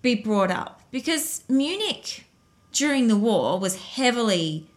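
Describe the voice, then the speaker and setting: A young woman co-hosting a casual podcast, telling a story in a chatty, animated way and laughing often. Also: on the high side, a little slow.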